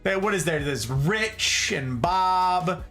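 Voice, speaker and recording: A man hosts a relaxed livestream from an indoor room full of plants, and his voice swings widely up and down as he chats. He talks in an animated, chatty way and reads viewer comments aloud. Faint music plays behind him. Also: sits high, slow. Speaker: livestream host. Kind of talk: casual livestream chat.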